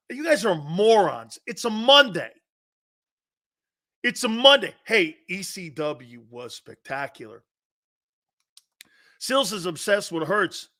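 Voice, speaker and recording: A man's voice: sits high, sharp tone. A man hosting a sports talk show, brash and mocking, laughing at his own jokes.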